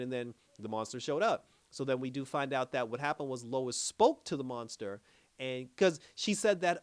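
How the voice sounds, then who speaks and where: A man's voice: mid-range voice, expressive, a little fast, no room sound. A man reviewing a TV episode in a casual chat. He retells the scenes with lots of quoted lines and chuckles often. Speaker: show reviewer. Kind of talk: casual recap.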